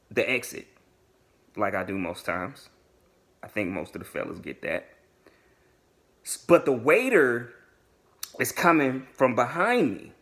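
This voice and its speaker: A young adult man casually telling a dating story to his viewers, acting out the other people's lines in slangy speech. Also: medium pitch. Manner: animated storyteller, acts out quoted dialogue in slangy speech.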